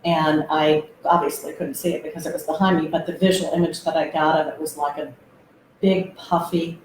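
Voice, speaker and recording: A woman guest telling a personal story, hesitant and reflective, with many pauses and fillers. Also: low voice, little pitch movement, slight background noise. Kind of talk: personal testimony. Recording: roomy echo.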